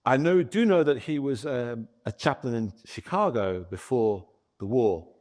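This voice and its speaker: A man giving a lively historical lecture as a guest author, telling a story and talking with the audience in the room. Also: medium pitch, a little slow. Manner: animated storyteller, chatting with the audience.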